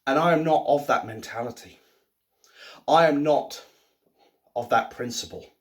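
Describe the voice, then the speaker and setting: A man in his thirties talking at home in a casual ranting monologue, swinging between low muttering and loud outbursts. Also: unhurried. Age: 30s. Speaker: vlogger. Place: at home, by the sink.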